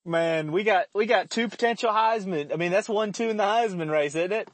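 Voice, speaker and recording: A man's voice: high voice, fairly quick, no room sound. A man hosting a casual sports podcast, joking and laughing often as he talks. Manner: laughs often, animated and jokey. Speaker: podcast host.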